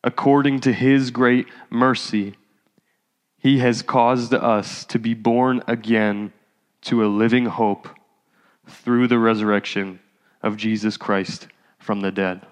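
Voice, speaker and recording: A man's voice: mid-range voice, little pitch movement, takes it slowly. A male pastor giving a sermon in a casual, conversational way that rises to fervent exhortation. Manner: conversational preaching, rising to exhortation. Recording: hall reverb.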